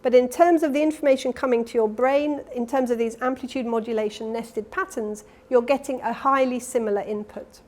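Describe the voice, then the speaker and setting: An older woman delivers an academic keynote in a conference hall. Her voice sits fairly high, and she explains each slide patiently, now and then acting out the sounds she describes. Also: a little mellow. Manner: explanatory, talks through slides, demonstrates sounds. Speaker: professor giving a keynote lecture. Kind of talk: academic lecture.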